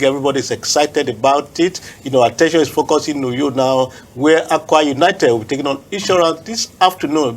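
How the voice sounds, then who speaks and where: A man with a Nigerian accent hosting a studio sports talk show, steering the discussion and cueing breaks. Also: a little high.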